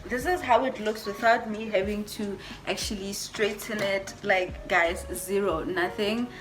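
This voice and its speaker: A woman's voice: medium pitch, fairly even intonation, unhurried, over music. A woman beauty vlogger doing a casual unboxing, gushing over each item and repeating her words as she talks to her viewers.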